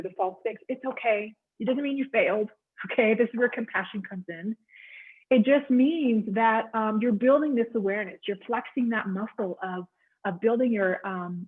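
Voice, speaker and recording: A woman's voice: a little high, husky. A woman counselor giving a conversational, encouraging wellness talk with frequent ums. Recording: tinny phone-like line.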